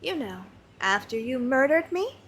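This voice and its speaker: Woman imitating a cold female computer AI, flat computerized tone, slow deadpan delivery, soft and distant. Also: high-pitched, exaggerated voice. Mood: deadpan menace.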